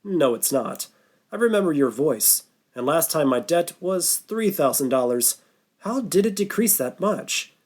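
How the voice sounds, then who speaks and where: A man doing a sarcastic young woman, higher voice. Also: animated, measured pace, darkish tone. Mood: mocking. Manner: dry, mocking.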